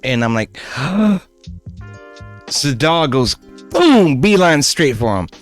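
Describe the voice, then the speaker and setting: A man's voice: medium pitch, normal speed, soft background music. A man streaming live, casually telling a story, swearing a lot and laughing often. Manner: profane, laughing, animated.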